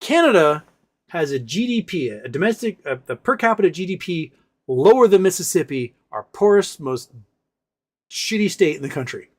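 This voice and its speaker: A man's voice: fairly high pitch, big pitch swings, normal speed. A man in his forties from the United States hosting a livestream, casually ranting with sarcasm and reading chat questions aloud. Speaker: livestream host.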